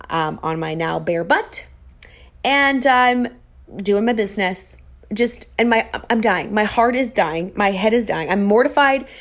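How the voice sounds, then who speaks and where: A young woman tells a personal story straight to her audience in a casual, chatty way. She mocks herself and acts out quoted lines with a lot of life. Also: fairly high pitch. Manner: animated, self-mocking, acts out quoted dialogue.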